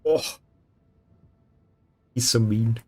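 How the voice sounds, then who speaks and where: Male art streamer, unhurried delivery, mock-grumpy banter with chat, lots of swearing, mouth full of ice. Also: mid-range voice, a little mellow. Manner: sarcastic, teasing, swears and laughs often; chewing ice while talking. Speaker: livestreaming artist. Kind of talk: casual stream chat while painting.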